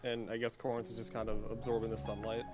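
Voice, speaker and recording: A man's voice: medium pitch, monotone, fast talker, music in the background. A man playing a tabletop game, talking casually with many fillers. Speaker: player.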